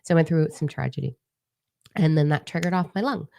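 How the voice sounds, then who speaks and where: A woman's voice: deep voice, brisk, gravelly, warm tone, no echo. A woman hosting a casual livestream as a spiritual channeler, chatty and rambling with a slight lisp, still recovering her voice. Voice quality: slight lisp from new braces. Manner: chatty, rambling, with many fillers. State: recovering voice after lung trouble. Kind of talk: casual live-stream chat.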